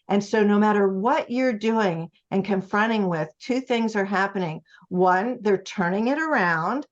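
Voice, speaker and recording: A woman's voice: medium pitch, a little slow. A woman speaking as an author in a conversational interview, explaining emphatically and acting out the voices of other people. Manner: emphatic, acts out quoted voices while explaining. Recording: slightly muffled lo-fi audio.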